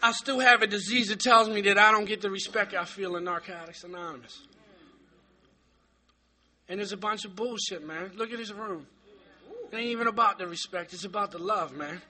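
A middle-aged man telling his story at a recovery meeting, profane and comic, shouting at times and then going quiet and sincere. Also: high-pitched, a little fast. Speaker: speaker sharing at a recovery meeting. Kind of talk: raw comedic testimony. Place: meeting room.

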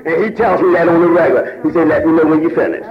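A man with a Baltimore accent speaking at a recovery meeting, preaching about hope and rising to shouts near tears. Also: on the high side, steady tone, quick pace, muffled recording. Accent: African American Vernacular English, Baltimore. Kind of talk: impassioned testimony. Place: meeting room.

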